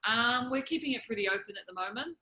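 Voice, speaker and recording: Bright-voiced chatty woman guest. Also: on the high side, animated, fast talker, poor audio. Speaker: podcast guest, athlete. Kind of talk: casual interview chat.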